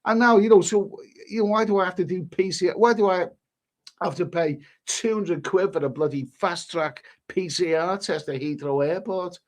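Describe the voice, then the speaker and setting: A man's voice: high-pitched, normal speed. A man hosts a travel live stream and reads viewer comments aloud. He rambles and repeats himself, with mild swearing and an exasperated edge. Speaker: travel vlogger reading live chat.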